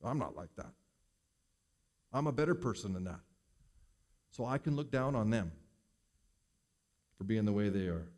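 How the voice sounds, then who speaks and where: A man preaching a sermon as pastor, swinging between loud emphasis and hushed asides. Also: on the low side, animated, moderate pace, pauses often.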